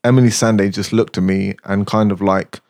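A man's voice: on the low side, fairly even intonation, brisk, a little mellow. A man who works as a studio engineer, telling stories in a casual interview with many fillers and frequent laughs. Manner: laid-back, anecdotal, laughs often, many fillers. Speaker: music studio engineer, guest.

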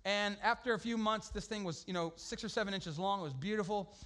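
High-voiced pastor telling a story. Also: male voice, a little fast. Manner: animated, humorous, slangy storytelling with shouted outbursts. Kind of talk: storytelling sermon.

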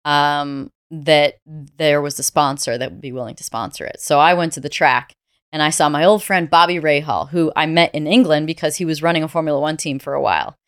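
A woman's voice: sits low, steady tone, a little fast, clear, resonant tone, no echo, clean studio sound. A woman from the United States, a podcast guest, telling her story in a reflective, candid way. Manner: reflective, candid, laughs easily. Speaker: interview guest. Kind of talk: conversational storytelling.

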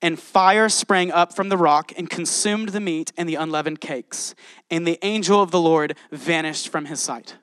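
A man preaching a casual, animated sermon, reading scripture and exclaiming often to his listeners. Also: a little high, moderate pace, clean tone, dry recording, studio quality.

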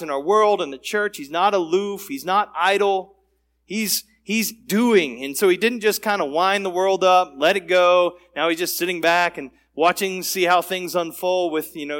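Middle-aged male pastor with a high voice, preaching with emphatic repeated phrases. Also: fairly bright tone. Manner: emphatic, repetitive preaching cadence. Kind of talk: sermon.

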